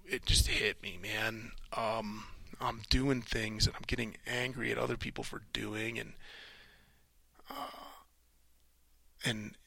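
Middle-aged male solo podcast host; gravelly, bright edge, halting and rambling delivery. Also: mid-range voice, level tone, no echo, rough recording. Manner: rambling, halting, many restarts, swears casually. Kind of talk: solo reflective monologue.

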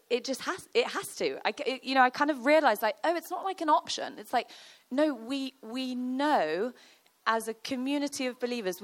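A woman giving a chatty, conversational sermon, full of fillers and storytelling. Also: a little high. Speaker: church speaker.

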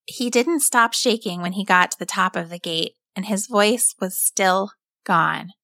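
A woman calmly and expressively narrating a children's story as a storyteller. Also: medium pitch, unhurried, no room sound, clean studio sound. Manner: calm, expressive read-aloud.

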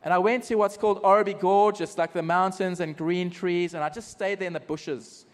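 A man's voice: high-pitched, fairly even intonation, a little fast, long reverb tail. A South African man preaching a personal testimony at a church service, telling his story animatedly with self-mocking humor.

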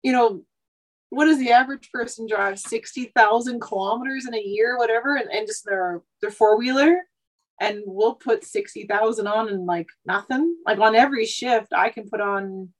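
This is a slightly high-voiced Canadian woman in her thirties, a truck driver chatting casually on a podcast at a moderate pace. She's talkative and rambles, full of "like" and "you know" asides. The recording quality is low.

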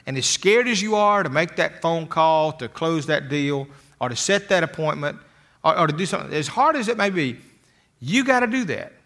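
An older man with a bright, ringing voice, pitched a little high, gives a motivational talk. He works through folksy stories and often repeats a word two or three times before his sentence gets going. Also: big pitch swings, normal speed. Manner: folksy storytelling, repeats words when starting sentences. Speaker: motivational speaker.

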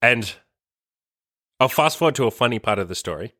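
Bright, profane young man telling a story. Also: mid-range voice, animated, fairly quick, no echo, studio quality. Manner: profane, emphatic, heavy use of "like". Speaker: storyteller host. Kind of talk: casual storytelling monologue.

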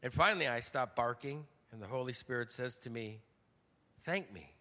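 An older man preaching a conversational, storytelling sermon, swinging from loud emphasis to hushed, near-whispered lines. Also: medium pitch, fairly quick. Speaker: pastor. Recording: long church reverb.

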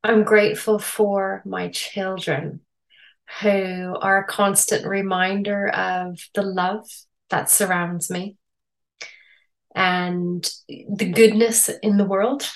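A middle-aged woman with a Canadian accent, a podcast guest telling her story in a reflective, measured way over a remote call. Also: medium pitch, flat delivery. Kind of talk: interview storytelling.

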